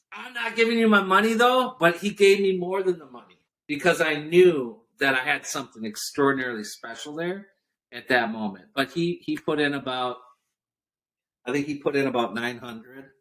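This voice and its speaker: Medium-pitched and moderately paced, a man guesting on a podcast shares a business anecdote. As an entrepreneur in storytelling interview mode, he brings others' words to life by acting them out with animation.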